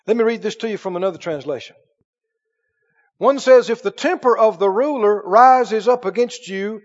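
Pastor, male, high-pitched preaching voice, emphatic call-and-response, muffled hall recording with long reverb. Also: lively intonation, normal speed. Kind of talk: sermon.

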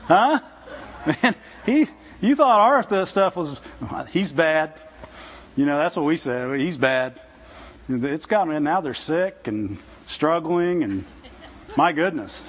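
A man preaching in a loose, chatty way, with a high, light voice. He keeps checking in with his listeners through quick rhetorical questions. The sound is a little dull and lo-fi. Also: very animated, slightly rough. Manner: conversational, folksy, with laughs and rhetorical questions. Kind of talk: sermon. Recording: dull lo-fi recording.

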